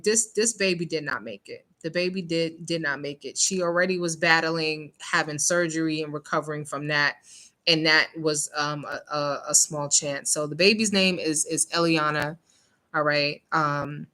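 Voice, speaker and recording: A woman's voice: low-pitched, sharp tone. A woman hosting a casual news commentary show, talking emphatically and checking in with "okay?" after her points. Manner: emphatic, rhetorical questions, frequent "okay?" check-ins. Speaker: show host.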